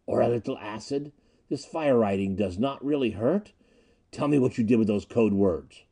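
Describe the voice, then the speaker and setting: A man reading aloud and voicing a cruel male villain who taunts in a cold, hushed way. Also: mid-range voice, normal speed, husky. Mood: cold taunting. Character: cruel male space villain, mocking torturer.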